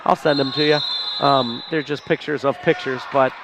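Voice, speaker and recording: A man in his forties calling a live high school basketball game with a stuffed-up nose, fond and folksy. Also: steady tone, moderate pace. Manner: fond, folksy, often near tears. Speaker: play-by-play announcer. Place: school gymnasium, in the stands. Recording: gym crowd noise behind the voice.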